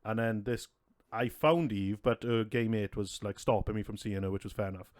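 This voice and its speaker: A man's voice: lowish voice, steady tone, moderate pace, a little mellow, no echo, studio quality. A man, co-hosting a podcast and telling a rowdy, sweary story with a lot of laughter. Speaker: podcast co-host. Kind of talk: casual storytelling chat.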